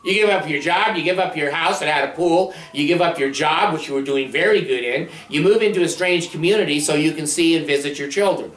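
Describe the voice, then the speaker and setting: A blunt, sardonic man rambles through a casual monologue, his voice pitched a little high. He sits back from the mic, so the room rings around him and he sounds distant. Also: fairly quick, few pauses, a bit bright, roomy sound. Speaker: counselor.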